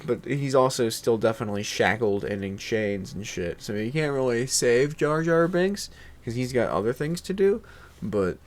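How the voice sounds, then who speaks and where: A man chatting casually as a host, rambling with lots of fillers and jokes. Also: on the low side. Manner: rambling, filler-heavy, joking. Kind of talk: casual chat.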